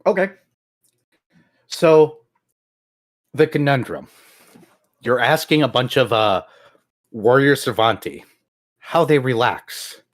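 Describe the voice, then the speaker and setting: A man narrating as game master of a tabletop role-playing game, relaxed and chuckling as he describes scenes. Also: medium pitch, slow, long pauses. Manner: relaxed, chuckling, talks while eating.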